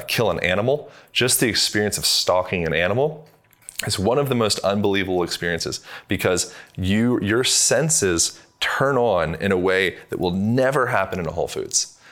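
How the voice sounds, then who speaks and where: Interview guest: man with a very low voice, easygoing and rambling, heavy on fillers. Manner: relaxed, rambling explanations with many fillers. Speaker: podcast guest, movement coach. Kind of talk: conversational interview.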